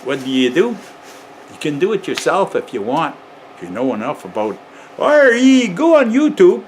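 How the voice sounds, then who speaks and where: A man's voice: fairly high pitch, big pitch swings, normal speed, a little hiss or hum. A man who works as an electrician, rambling and chuckling often as he explains heater safety in a casual how-to vlog. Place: garage.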